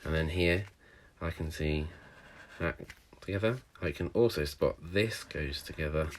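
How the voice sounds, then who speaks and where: A man with a very low voice teaches a recorded phonics and handwriting lesson for young children. He is encouraging and sounds out each letter slowly and clearly, the way a primary school teacher does. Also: slight background noise.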